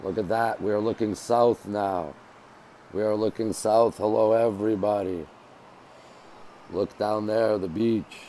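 A man's voice: lowish voice, steady tone, measured pace, mellow, a little hiss or hum, low-quality recording. A man from Montreal, casually chatting on a phone livestream from a hotel balcony, greeting viewers by name and repeating himself. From Montreal, Canada. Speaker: livestream host. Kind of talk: casual live-stream chat greeting viewers. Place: hotel balcony by the beach, outdoors.

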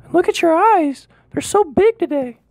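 A woman's voice: very high-pitched, lively intonation, normal speed, darkish tone, no room sound, clean studio sound. A woman voicing Little Red Riding Hood, a cheerful young girl who hums in a sing-song way, in a homemade cartoon. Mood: curious. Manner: chirpy, sing-song humming.

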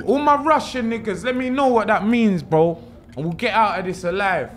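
A young man giving excitable, swearing, joking commentary while streaming a horror game. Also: high voice, a little slow, a little hiss or hum. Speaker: gaming streamer. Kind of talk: horror let's-play commentary.

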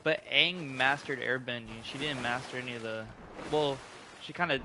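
A laid-back young man in a casual gaming chat who swears and blurts out quick callouts. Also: mid-range voice, background noise.

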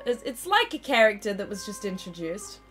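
A woman's voice: medium pitch, sing-song, brisk, music in the background. A woman hosting a game livestream, chatting casually and laughing often as she plays. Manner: giggly, chatty. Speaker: livestream host. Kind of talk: casual chat over gameplay.

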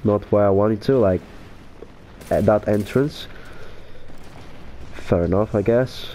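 Here a gaming YouTuber, a young man, talks slowly in a fairly low voice over a slight hiss or hum. Narrating his own plays in an online shooter, he gets excited and shouts about every kill and death.

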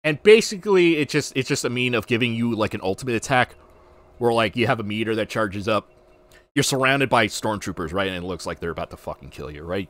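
Male podcast host, casual profane ranting, lively pitch, dry close sound. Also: no room sound. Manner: animated, profane, ranting with restarts. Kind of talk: casual livestream rant.

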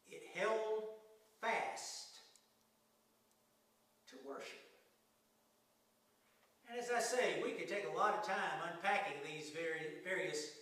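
A male pastor preaching a sermon in a slow, folksy way, with humorous asides. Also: high voice, a bit bright. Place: church sanctuary. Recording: echoey sanctuary, mic at a distance.

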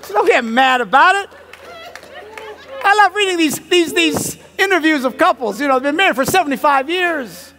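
A man who is a pastor and comedian, telling comic stories in a sermon, dropping to mumbled asides and jumping to loud punchlines, laughing at his own jokes. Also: very high voice, animated, moderate pace, some chatter behind.

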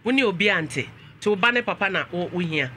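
A man's voice: sits high, lively intonation, fast talker, sharp tone, slight background noise. A man with a Ghanaian accent hosting a talk show, switching between English and Twi and exclaiming often.

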